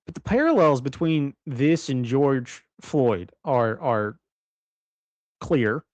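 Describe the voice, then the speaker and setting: A man's voice: mid-range voice, expressive, takes it slowly, no echo. A man co-hosting a casual livestream from his bedroom, rambling with many restarts and frequent laughs. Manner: rambling, self-correcting, laughs often. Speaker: livestream co-host.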